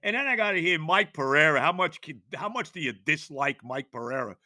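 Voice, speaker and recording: Fired-up ranting man, bright and sharp. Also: a little high, lively intonation, a little fast, no room sound, studio quality. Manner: exasperated, ranting, stammering restarts, bursts of shouting. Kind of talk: sports talk rant.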